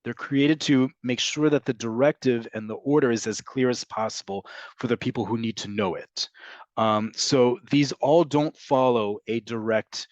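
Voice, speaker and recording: A man's voice: medium pitch, dry recording. A man teaching an online class, patiently explaining and answering questions with frequent fillers and "right?" checks. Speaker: Hebrew teacher. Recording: dull lo-fi dry audio.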